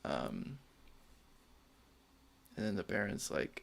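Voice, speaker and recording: A man's voice: medium pitch, huge pitch swings, a little slow, vocal fry, fairly bright tone. A man co-hosting a casual movie-review podcast, giggling often as he eagerly explains the lore. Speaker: podcast co-host.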